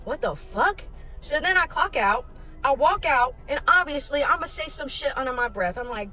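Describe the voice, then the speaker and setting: A woman's voice: high-pitched, normal speed, soft background music. A woman telling a casual storytime rant about her job, heated and profane as she recounts it. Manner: heated, profane, animated retelling. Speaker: restaurant kitchen worker telling a story.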